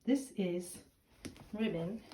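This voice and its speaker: A woman's voice: medium pitch, slow, mellow. A middle-aged woman giving a casual, self-deprecating tour of her home office, slightly out of breath, filmed on a handheld camera. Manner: chatty, self-deprecating asides. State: a little out of breath. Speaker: craft and journaling vlogger.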